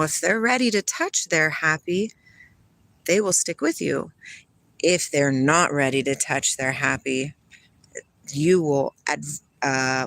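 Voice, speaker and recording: A woman's voice: low voice, fairly bright tone, no room sound. A middle-aged woman vlogging a rambling spiritual monologue, laughing often and talking to her parrot.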